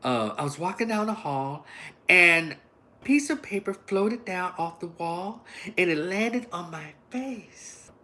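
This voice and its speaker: A man in his fifties telling a story on a casual livestream, animated, laughing, blunt and profane. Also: high-pitched, slow pace. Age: 50s. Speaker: online commentator.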